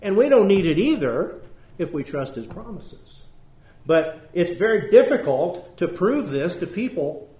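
Man, high voice, earnest Bible-class teacher, talks it through with questions, roomy echo. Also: very animated, measured pace, mellow. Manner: earnest, conversational, reasoning aloud with rhetorical questions. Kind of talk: church Bible class lecture.

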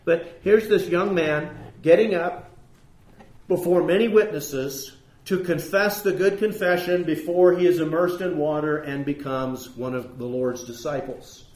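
A man's voice: on the high side, steady tone, unhurried, darkish tone. A man preaching a sermon, earnest and emphatic, reading scripture aloud and explaining it, lifting his voice on key points. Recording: roomy echo.

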